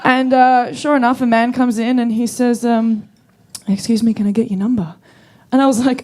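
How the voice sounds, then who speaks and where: Young woman doing stand-up, dry sarcastic delivery, acts out the quotes, voice a bit on the high side. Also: moderate pace. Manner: deadpan, sarcastic storytelling with acted-out quotes. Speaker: stand-up comedian. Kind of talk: stand-up comedy set.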